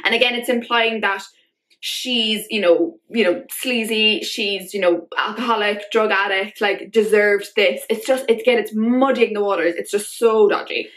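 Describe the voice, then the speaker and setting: A young woman vlogging to camera rants in exasperation, saying "like" constantly. Her mid-range voice is fairly bright and steady, at a moderate pace.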